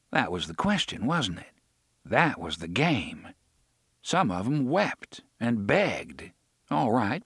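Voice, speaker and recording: A male narrator reads a dark novel aloud in a measured, dramatic way, lingering on the grim details. His mid-pitched voice sits right on a close studio mic. The sound is dry, with no room around it. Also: dry recording. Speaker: audiobook narrator. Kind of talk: scripted audiobook narration.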